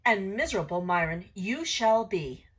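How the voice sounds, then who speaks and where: A woman's voice: mid-range voice, animated, normal speed, breathy edge. A woman voicing a stern fairy who solemnly warns and chants a spell, from a storybook reading. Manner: solemn, incanting.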